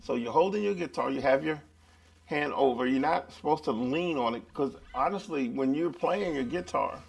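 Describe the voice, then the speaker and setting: A man teaching a live beginner guitar lesson, chatty and relaxed, talking straight to his viewers. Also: on the high side, normal speed, vocal fry, husky.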